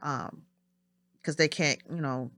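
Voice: mid-range voice, fairly even intonation, slow pace, bright, forceful tone. A middle-aged co-host in casual chat, talking hesitantly with restarts and fillers. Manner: hesitant, restarts, fills with "you know".

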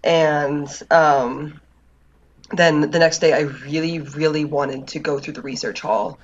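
A podcast co-host recapping their week in a relaxed, dry way with many fillers. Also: medium pitch, slow pace, lo-fi sound. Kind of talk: casual chat.

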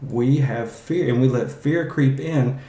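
Man, podcast host, casual Bible talk, mid-pitched voice, echoey room. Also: unhurried, warm tone. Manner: conversational, restarts phrases, acts out Bible quotes.

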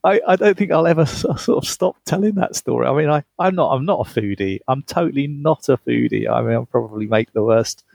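A man's voice: mid-range voice, brisk, vocal fry, hardly any pauses, a little mellow, dry recording. A man being interviewed about his book, telling chatty travel stories with frequent laughter. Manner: chatty, laughs often, restarts mid-phrase. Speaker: guest, author. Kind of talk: storytelling interview.

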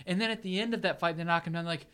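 A man's voice: high-pitched, rapid-fire, crowd noise. A man co-hosting a podcast, chatting casually about a film, rambling and often laughing. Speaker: podcast co-host. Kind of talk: casual movie chat.

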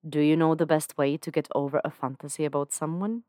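A woman voicing a suave, seductive male devil, speaking in a smooth, coaxing, intimate way. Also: sits low, steady tone, fairly quick, warm tone, no room sound, clean studio sound, lightly acted.

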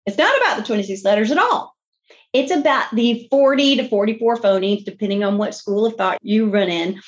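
A woman who works as a speech-language pathologist, explaining to fellow clinicians in a teacherly, animated way and stressing key words. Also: on the high side, muffled recording. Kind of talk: podcast interview explanation.

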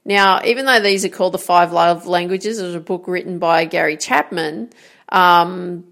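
A woman's voice: fairly low pitch, fairly even intonation, normal speed, creaky, fairly bright tone. A woman giving an encouraging motivational talk as a coach, often checking in with "right?". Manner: encouraging, repeats "right?" and "guess what?". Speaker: golf and life coach.

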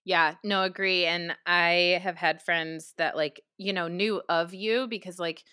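A woman's voice: on the low side, fairly even intonation, a little slow, sharp tone, clean tone, no echo, studio quality. A young woman with a New York accent co-hosting a podcast, talking frankly and animatedly with a friend. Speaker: podcast co-host. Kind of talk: casual podcast chat.

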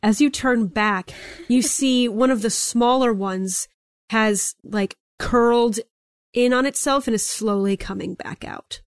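A woman's voice: fairly high pitch, measured pace, no room sound. Dry-voiced woman running a tabletop game. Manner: descriptive, hedging with "like" and "kind of". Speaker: game master.

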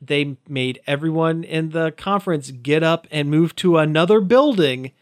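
A man's voice: fairly high pitch, normal speed, dry recording. Rambling casual man, dry close sound. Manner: rambling, heavy on "like" fillers. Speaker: podcast co-host. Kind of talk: casual chat.

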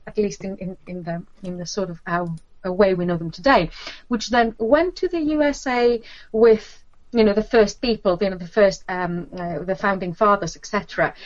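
A woman giving a lecture on literature and folklore, talking with many fillers, restarts and pauses. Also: medium pitch, darkish tone, dry recording, muffled recording.

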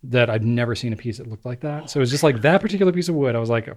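A man co-hosting a podcast, telling relaxed stories in casual chat with lots of fillers. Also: medium pitch, rapid-fire. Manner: relaxed storyteller, many fillers. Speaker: podcast co-host.

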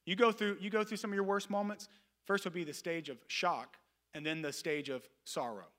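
A man in his thirties, a pastor preaching a sermon in a church, moving between loud emphatic calls and soft, low asides. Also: fairly even intonation, moderate pace. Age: 30s.

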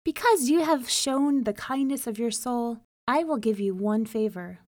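A woman voicing a solemn male fish spirit in a storybook reading, speaking in slow, grave pronouncements. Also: fairly high pitch, a little mellow, dry recording, studio quality, natural voice. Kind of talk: storybook narration.

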